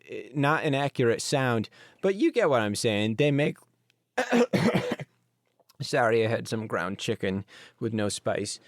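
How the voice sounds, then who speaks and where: Guy rambling on his podcast, kinda low voice, smooth, dry close mic. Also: dry recording. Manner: rambling, wandering asides. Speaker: podcast host. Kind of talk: casual solo podcast talk.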